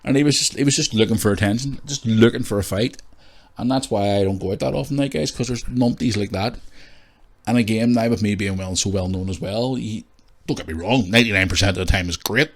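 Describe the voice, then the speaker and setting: A man hosting a casual solo podcast, rambling, candid and quick to swear. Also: fairly low pitch. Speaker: podcast host.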